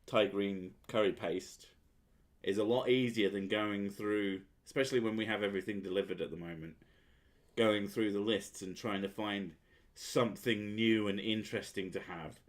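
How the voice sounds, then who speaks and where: A man's voice: fairly low pitch, steady tone, moderate pace. A man hosting a casual chat, sweary and sardonic, often laughing at his own jokes. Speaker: podcast host.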